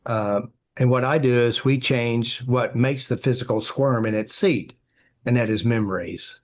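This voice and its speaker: Man, therapy practitioner, interview guest, anecdotal, chatty, mid pitch. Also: unhurried. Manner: anecdotal, acts out quoted dialogue, many "you know" fillers. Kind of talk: storytelling interview answers.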